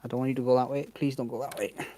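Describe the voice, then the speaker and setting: A man talks to himself while wrenching on a car in a garage, wry and sarcastic. His pitch sits in the middle, and a faint background noise stays under his voice. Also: level tone, rapid-fire, mellow. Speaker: home mechanic vlogger. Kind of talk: casual commentary while working.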